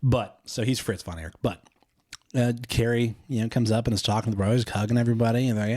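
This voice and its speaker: A man's voice: fairly low pitch, quick pace, a little mellow, no echo. A man co-hosting a podcast, retelling a film in a casual, rambling way, with lots of "you know" and "like". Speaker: podcast co-host.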